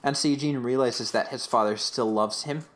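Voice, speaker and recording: A man's voice: mid-range voice, normal speed, fairly bright tone. A young man co-hosting a casual fan podcast, rambling through a retelling with many fillers. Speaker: podcast co-host.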